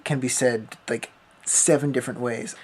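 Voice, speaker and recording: A man's voice: medium pitch, fairly even intonation, moderate pace, breathy edge. A young man speaking in a middle-range voice, mulling ideas over in a loose, rambling way. He talks casually to a camera mic in an unscripted vlog. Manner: thoughtful, rambling.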